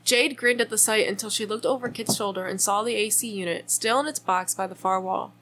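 A woman's voice: medium pitch, a little fast, a bit bright. Woman podcast co-host, casual fanfic reader, playful asides. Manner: reads narration aloud, breaks off to joke and giggle. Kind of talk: casual reading and chat.

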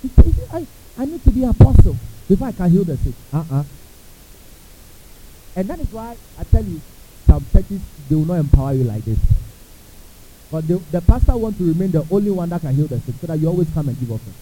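A man's voice: high voice, brisk. A man preaching a sermon as pastor, acting out quotes and asking the congregation questions. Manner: animated preaching, acts out quotes, asks the crowd questions. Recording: tinny phone-like sound with faint hiss.

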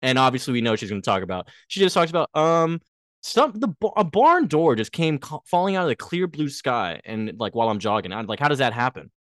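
Podcast co-host, man, mid pitch, dry close sound, loose storyteller who slips into characters. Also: fairly quick, no room sound. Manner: animated retelling, acts out characters' lines. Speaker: podcast co-host recapping a TV episode. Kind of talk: casual chat.

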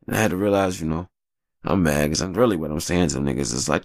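A man in his thirties, a father telling a casual story in an animated, profane, slangy way. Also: very deep voice, fast talker, no room sound, clean studio sound.

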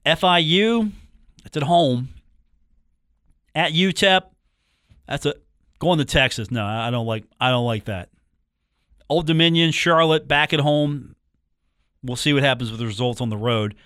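A man's voice: a little high, measured pace, long pauses, a bit bright, clear, resonant tone, no room sound. Chatty male sports radio host, dry studio. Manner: chatty, joking, repeats phone numbers and catchphrases. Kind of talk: casual sports talk radio. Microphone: studio microphone.

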